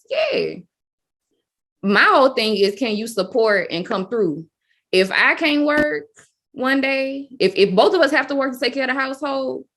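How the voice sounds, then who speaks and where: A woman's voice: on the high side, fairly bright tone. A young woman from Louisiana, a podcast guest talking candidly and emphatically in casual Southern slang.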